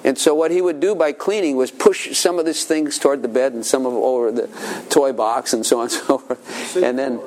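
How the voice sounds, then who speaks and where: A man's voice: medium pitch, normal speed, a little mellow. An older man giving an informal sermon as a pastor, telling rambling family stories and acting out children's voices.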